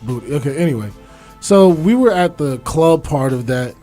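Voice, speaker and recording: A radio co-host whose voice swings all over as he talks, teasing and jumping in with remarks. He is a man with a fairly high voice, heard on a studio mic. Faint music plays behind him. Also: lively intonation, warm tone. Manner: teasing, quick to interject. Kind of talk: casual banter on a radio talk show. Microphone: studio microphone.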